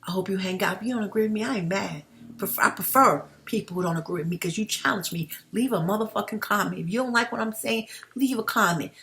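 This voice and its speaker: A woman's voice: medium pitch, quick pace, fairly bright tone. A woman, talking straight to her viewers as "family" in an impassioned commentary vlog. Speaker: YouTube commentator. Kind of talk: direct-to-camera commentary vlog.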